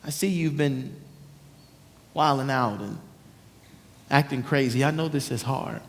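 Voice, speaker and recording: A man voicing a calm, stern man in a prison cell who speaks low and hushed. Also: measured pace, in a large hall, natural voice.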